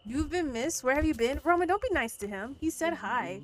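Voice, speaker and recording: A woman's voice: high-pitched, expressive, normal speed, faint music behind. A woman livestreaming a game, chatting casually and profanely with her viewers, muttering to herself and then playfully scolding chat. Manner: muttering to herself between outbursts.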